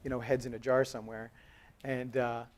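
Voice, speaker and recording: A man in his thirties speaks quickly on a conference stage. His talk is loose and conversational. He jokes with the audience as he tells his story. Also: mid-range voice. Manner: animated storytelling, acts out quoted dialogue. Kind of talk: live conference presentation. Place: conference hall.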